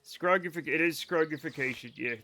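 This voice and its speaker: A man's voice: a little high, a little fast, bright, forceful tone. A man streaming a game live, rambling casually to his chat in a self-amused way.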